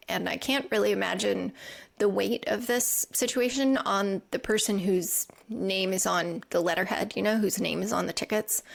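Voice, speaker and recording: Woman podcaster with a creaky voice. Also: medium pitch. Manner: earnest, reflective storytelling. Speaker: podcast host. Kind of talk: scripted recap narration. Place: lives in England.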